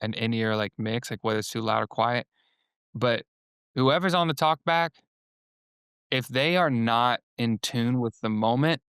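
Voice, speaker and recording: A man chats as a podcast guest, his voice smooth and resonant at a middle pitch. He rambles with plenty of fillers and acts out little quoted remarks. The sound is dry and close. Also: unhurried, a bit bright, dry recording. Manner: loose, rambling, many fillers and quoted asides. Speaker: guest, singer and worship leader. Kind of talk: casual podcast conversation.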